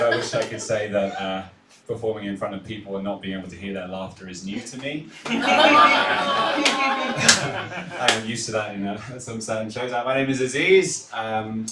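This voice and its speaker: A young English man doing a stand-up set, self-deprecating, chuckling between lines and filling pauses with "uh" and "um". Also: on the low side, animated. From England. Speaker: stand-up comedian. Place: small comedy room on a live stream. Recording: echoey room, distant mic, audible noise.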